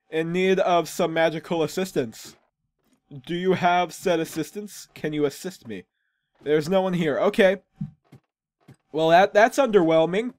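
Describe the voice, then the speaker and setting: A man's voice: high-pitched, darkish tone, no echo. A young man chatting casually through gameplay commentary, joking and teasing himself. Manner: chatty, self-mocking, jokey asides. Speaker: gaming channel host.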